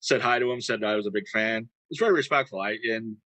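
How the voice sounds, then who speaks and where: A man's voice: lowish voice, fast, bright, forceful tone, no room sound, rough recording. A man hosting a casual talk show, chatting in an easygoing way. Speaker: host. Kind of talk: casual chat.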